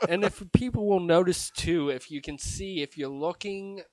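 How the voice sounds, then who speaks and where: A young man co-hosting a casual podcast, laid-back and deadpan, swearing freely. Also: sits high, normal speed, dry recording. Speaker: podcast co-host. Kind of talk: casual live podcast chat.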